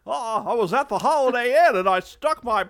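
A man putting on an impression of a stammering, folksy old Hollywood leading man with a high drawl. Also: fairly quick, fairly bright tone. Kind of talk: comedic impression on a podcast.

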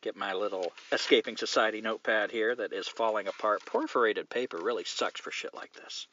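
A man's voice: fairly low pitch, fairly even intonation, fairly quick, bright, forceful tone, muffled recording, slight background noise. A man from the Southern United States hosting a casual podcast, reading listener mail aloud with profane, wry joking asides. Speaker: podcast host.

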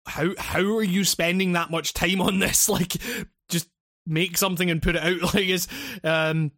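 Bright-voiced man rambling casually. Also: high voice, little pitch movement, moderate pace, no echo, clean studio sound. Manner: rambling, restarts often, joking with laughter. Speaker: podcast co-host reading listener questions. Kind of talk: casual chat.

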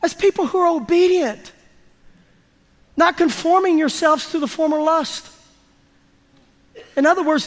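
Very high-voiced man preaching in a hall. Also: a bit bright. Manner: emphatic, folksy, calls for congregation responses. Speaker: pastor. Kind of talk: sermon. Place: church sanctuary. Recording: long reverb of a large church hall.

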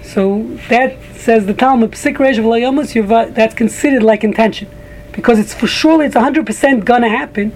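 A man's voice: very high-pitched, brisk, a little mellow, a little hiss or hum, poor audio. A man teaching a casual group Talmud class, rambling with frequent restarts and joking asides to a small room of listeners.

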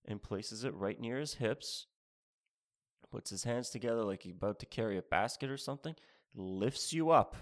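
A man's voice: medium pitch, darkish tone. Sarcastic stand-up comedian, man. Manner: rambling, sarcastic, with mock instructions and repeated phrases. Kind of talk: stand-up routine.

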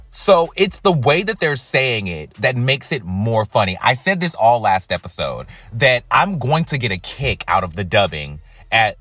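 A man giving casual reaction commentary, wry and animated, swearing freely. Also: fairly low pitch, no room sound. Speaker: reaction vlogger.

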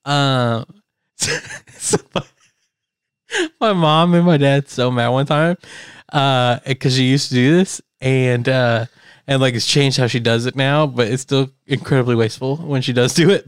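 Young dude podcast host, rambly and giggly, middle pitch, no room sound. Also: male voice, a little slow, clear, resonant tone, dry recording, clean studio sound. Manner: rambling storyteller, laughs often, swears. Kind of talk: casual chat.

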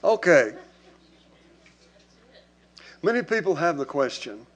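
A man's voice: a little high, very animated, fairly quick, a bit bright. A man preaching a sermon to his congregation in a church. He talks in an emphatic, conversational way and calls out to the people in front of him. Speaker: pastor.

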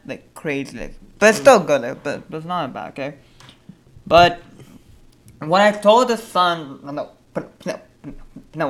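A man's voice: high voice, fairly bright tone. A man co-hosting a casual sports podcast, rambling and repeating words as he teases his co-host.

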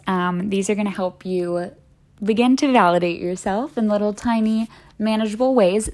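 A woman's voice: medium pitch, darkish tone. Female solo podcast host, encouraging and conversational, mid-range voice. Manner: earnest, encouraging, chatty with many "like"s. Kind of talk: solo wellness podcast talk.

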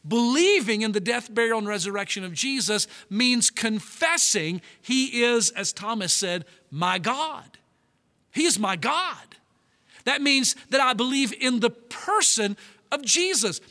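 A male pastor preaching a sermon, emphatic, slowing down and stretching key words. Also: extremely high pitch, animated, bright, forceful tone. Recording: long reverb of a large hall.

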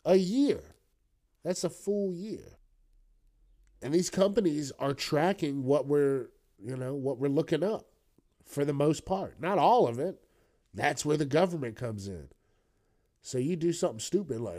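A man's voice: fairly high pitch, expressive, unhurried, long pauses, warm tone. A man hosting a podcast, riffing through the news alone in a loose, rambling way, full of swearing and joking asides. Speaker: podcast host. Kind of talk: casual solo news commentary.

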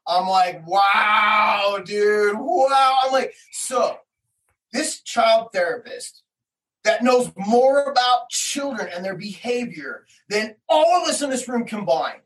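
A man's voice: very high-pitched, lively intonation, measured pace, recorded from a distance, rough recording. A middle-aged man telling an emotional story about his son, agitated, swearing and acting out what others said. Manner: agitated, acts out quotes, swears, rising to shouts. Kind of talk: emotional personal account.

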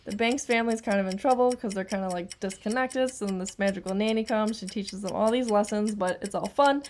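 A woman's voice: mid-range voice, a little fast, a little mellow, slight background noise. A woman co-hosting a podcast, playful and chatty in casual conversation. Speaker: podcast co-host. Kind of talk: casual chat.

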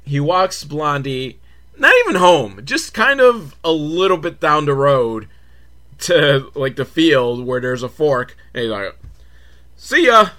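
A man's voice: fairly high pitch, big pitch swings, unhurried, bright, forceful tone. A man hosting a comedic film recap, talking sarcastically and profanely with laughing asides. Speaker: host.

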